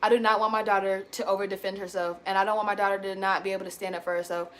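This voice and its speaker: A woman in her thirties venting candidly to her viewers, blunt and animated, swearing casually and calling them y'all. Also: mid-range voice, rapid-fire. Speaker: self-help vlogger.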